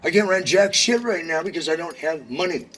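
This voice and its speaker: A man's voice: on the high side, lively intonation, fairly quick, fairly bright tone, slight background noise. A man at a government office counter and on the phone, ranting and swearing in a heated confrontation. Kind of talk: angry confrontation and phone call. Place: social security office in a federal building.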